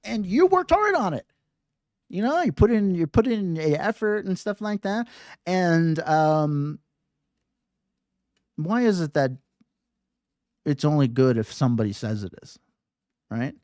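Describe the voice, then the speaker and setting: A meditation teacher chats casually with a live class, playfully tossing in "right?" again and again. The pitch rises and falls in a lively way, while the pace is a little slow with frequent pauses. The studio recording is clean with no echo.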